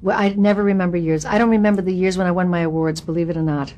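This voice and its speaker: A woman in her seventies, an actress being interviewed, recalling her career in a candid, wry way with lively asides. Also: on the low side, rapid-fire. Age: 70s. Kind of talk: reminiscing interview.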